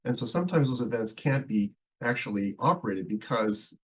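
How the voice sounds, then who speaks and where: A male town councillor speaking in a council debate, nursing a head cold and losing his voice, talking haltingly with many fillers and restarts. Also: mid-range voice, animated, slightly rough, poor audio. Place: council meeting.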